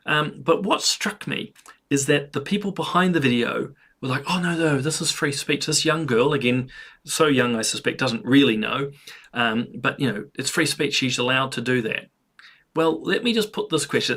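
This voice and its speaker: New male commentator, mid pitch, gravelly, earnest opinion host. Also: normal speed, a bit bright. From New Zealand. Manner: earnest, frequent fillers and restarts.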